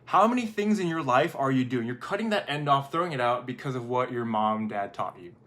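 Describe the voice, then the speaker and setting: A man in his thirties giving a casual motivational talk to camera. He tells stories in a loose, conversational way and often stops to correct himself. His voice sits at an ordinary middle pitch. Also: lively intonation, fairly quick, a bit bright. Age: 30s. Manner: conversational storytelling, frequent self-corrections. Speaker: video host.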